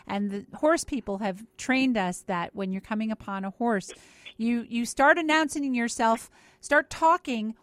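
A woman with a fairly high voice co-hosts a call-in radio show. She is chatty and agreeable, jumping in with her own stories. The sound is dry and close. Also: measured pace, a bit bright, no room sound.

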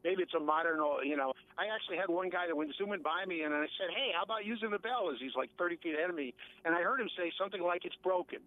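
A man's voice: fairly high pitch, very fast, hardly any pauses. A man calling in to a radio show, rambling with lots of fillers, heard over a phone line. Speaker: caller. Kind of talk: phone-in chat.

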